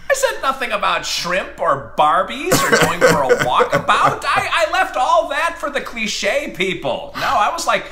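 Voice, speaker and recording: A man's voice: very high-pitched, wildly swooping pitch, normal speed, hardly any pauses, a loud crowd. A man co-hosting a podcast in casual comedic banter, jokey and self-deprecating, often laughing. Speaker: podcast co-host. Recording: roomy echo.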